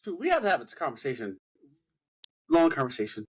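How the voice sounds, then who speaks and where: Lively, slangy, playful male co-host. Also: fairly high pitch, fairly quick, slightly rough. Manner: repeats catchphrases, slangy and playful. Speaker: podcast co-host. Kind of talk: casual podcast chat.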